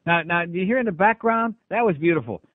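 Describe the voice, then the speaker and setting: A gruff, sarcastic man hosts a call-in radio show, cutting callers down. His voice sits a little high. The sound is dry and thin like an old phone-line broadcast. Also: lively intonation, fast talker, no room sound. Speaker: radio talk show host.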